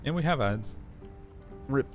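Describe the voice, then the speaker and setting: A man's voice: medium pitch, lively intonation, a little slow, soft background music. A man chatting casually and playfully on a live stream, laughing often.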